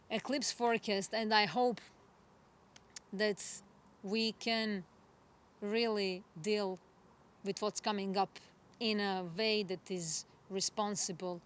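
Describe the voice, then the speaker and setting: A woman astrologer giving a spiritual forecast monologue, gentle and reflective, unhurried and earnest. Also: mid-range voice. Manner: gentle, reflective, soft laughs.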